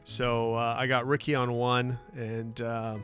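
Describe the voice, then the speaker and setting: A man hosting a sports talk show, telling stories in a lively, casual way. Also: mid-range voice, a little slow, soft background music. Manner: animated storytelling with laughs.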